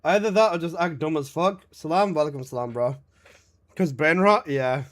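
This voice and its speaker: In casual chat on his live stream, a young male gamer with a noticeably high voice reads out his viewers' messages at a moderate pace. He replies laughing and swearing.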